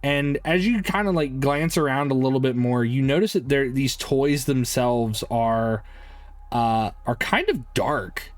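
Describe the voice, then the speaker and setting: A male game master narrates a tabletop game in a loose, rambling way, leaning on fillers. His pace is slow and unhurried. The sound is dry and close, with faint music behind. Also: mid-range voice, no room sound.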